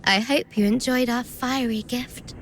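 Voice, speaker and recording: High-voiced, unhurried game villainess who taunts her captives with sing-song sarcasm. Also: steady tone, a little hiss or hum. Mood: taunting. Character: mocking treacherous young woman, gleeful villain. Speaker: game character. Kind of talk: video game voice acting.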